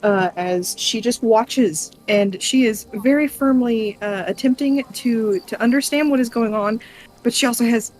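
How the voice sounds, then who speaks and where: Slow-talking woman describing her character. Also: on the high side, a little mellow, poor audio. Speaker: player.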